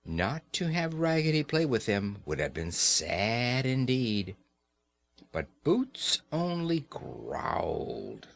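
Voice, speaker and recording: A man reads a children's story at an unhurried pace, his pitch rising and falling a great deal as he tells it. His delivery is slow and very expressive. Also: vocal fry.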